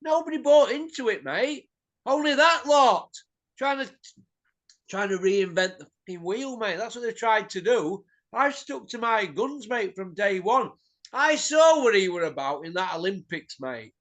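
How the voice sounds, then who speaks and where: A man's voice: sits high, lively intonation, unhurried, a bit bright. A middle-aged man, hosting a boxing show and ranting bluntly, swearing and tossing in tag questions. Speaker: boxing pundit host. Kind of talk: opinionated ranting chat.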